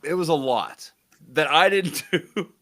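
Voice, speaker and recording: Animated man chatting casually. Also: a little high, unhurried. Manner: animated, laughing storyteller. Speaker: co-host. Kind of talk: casual chat.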